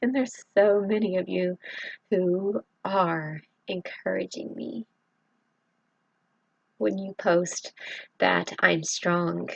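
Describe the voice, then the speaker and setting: A middle-aged woman from Southeast Texas talking in a halting, earnest confessional vlog, with many pauses and fillers. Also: on the low side, vocal fry, breathy edge, no room sound, muffled recording. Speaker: vlogger.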